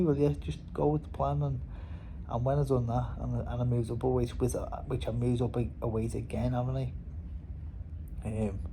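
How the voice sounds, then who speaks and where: A man's voice: mid-range voice, dark tone, slight background noise, rough recording. A young man with a Scouse accent, a boxer rambling casually in a vlog, swearing and laughing as he talks. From Liverpool, England. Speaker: boxer and vlogger.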